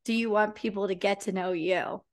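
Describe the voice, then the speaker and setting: A woman's voice: medium pitch, fairly even intonation, brisk. A woman hosting a podcast, chatting casually and telling personal stories with plenty of fillers. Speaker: podcast host. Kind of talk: casual conversational interview.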